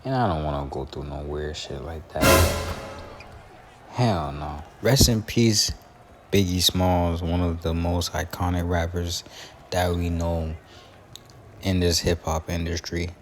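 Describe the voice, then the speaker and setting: A man's voice: deep voice, slow, over music. A young man rambling and joking in casual slang as he hosts gameplay commentary. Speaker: gaming channel host.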